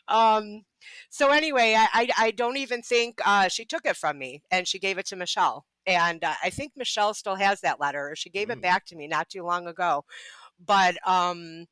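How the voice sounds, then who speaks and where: A woman telling her story as a podcast guest in casual chat, candid and quick to laugh, swearing freely. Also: mid-range voice, a bit bright, dry recording, poor audio. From Ohio.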